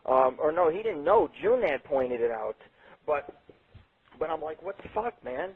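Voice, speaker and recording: A man hosting a late-night internet radio show, telling rambling, profane stories with sudden jumps in pitch. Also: big pitch swings, measured pace, creaky, husky. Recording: tinny phone-like sound.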